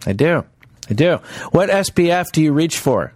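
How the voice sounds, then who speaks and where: A man's voice: on the high side, normal speed, no echo, studio quality. A man hosting a comedy podcast, bantering casually and animatedly with his guest. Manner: animated, swings into loud mock-announcer bits. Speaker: podcast host.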